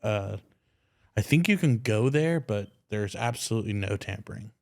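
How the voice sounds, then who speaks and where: A young man co-hosting a podcast, telling stories in a loose, excitable way and swearing casually. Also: lowish voice, moderate pace, creaky. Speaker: podcast co-host. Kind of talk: casual chat.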